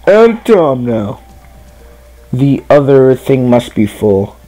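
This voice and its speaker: A young man narrates his kart race for a live audience in an easy, self-deprecating way. His voice is soft-edged and mellow, his pitch sits in an ordinary middle range, and faint game music plays underneath. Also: very animated, slow. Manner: chatty, self-deprecating, talking to viewers while playing. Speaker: streamer. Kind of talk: casual gameplay commentary.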